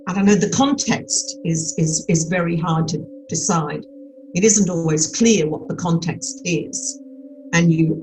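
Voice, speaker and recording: A woman's voice: fairly low pitch, darkish tone, low-quality recording. An older woman from Australia with an Australian accent, chatting frankly and cheekily as an interview guest, full of restarts. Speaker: actress and podcast guest. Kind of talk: casual interview chat.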